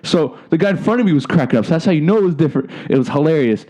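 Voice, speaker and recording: A man's voice: fairly high pitch, animated, very fast, mellow. A young man co-hosting a podcast, telling a story in casual chat, laughing and acting out quotes. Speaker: podcast co-host.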